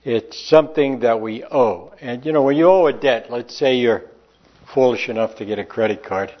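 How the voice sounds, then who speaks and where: A man preaching a sermon, reading old-style scripture aloud and slowing down to stress key phrases. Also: mid-range voice, muffled recording.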